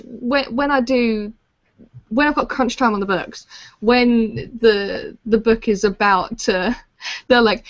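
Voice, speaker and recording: A woman's voice: fairly high pitch, dull audio. A British woman co-hosting a podcast, chatting casually and laughing often. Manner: giggly, quick to laugh. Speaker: podcast co-host. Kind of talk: casual chat.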